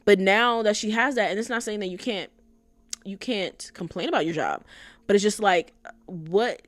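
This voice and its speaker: A woman's voice: medium pitch, moderate pace, dry recording. A young woman giving casual, opinionated commentary on an anime, slangy and swearing freely.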